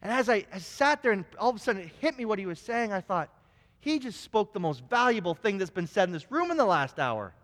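Man, high-pitched, lively sermon storyteller, long room reverb. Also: a little fast. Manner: storytelling, animated, many restarts. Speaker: preacher. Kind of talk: sermon with personal stories.

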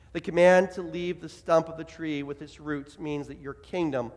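A man preaches with fervor and a high voice, slipping into the voices he quotes. His words ring out with a long reverb, as in a large church hall. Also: steady tone, normal speed, hardly any pauses. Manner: impassioned, acts out quoted voices. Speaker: pastor. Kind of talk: sermon.

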